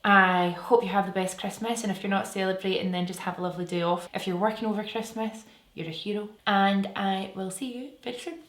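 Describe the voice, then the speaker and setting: Speaking briskly with few pauses, this Scottish beauty vlogger has a mid-range, fairly even voice as she gushes and chats through a makeup tutorial at home. Faint music plays under a roomy-sounding recording.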